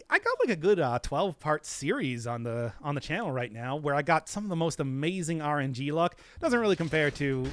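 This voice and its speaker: A Midwestern man streaming a game, his voice sitting high and swooping all over as he rambles to chat. He laughs often and talks in a loose, animated way. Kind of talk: casual stream chat while playing.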